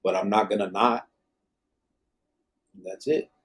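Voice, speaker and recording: A man's voice: fairly low pitch, fairly even intonation, takes it slowly. A man with a blunt, emphatic manner, hosting a live podcast and swearing freely. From Arizona, USA. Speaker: podcast host, former gang member. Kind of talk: live podcast talk, reading viewer comments.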